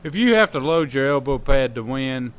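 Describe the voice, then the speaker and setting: A man's voice: mid-range voice, lively intonation, moderate pace. Rambling, joking male wrestling podcast host. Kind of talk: casual chat.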